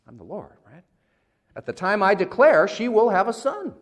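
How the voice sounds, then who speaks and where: A man voicing a divine male visitor in a sermon, emphatic and gently scolding. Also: high voice, very animated, normal speed, pitched above the performer's own voice. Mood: chiding.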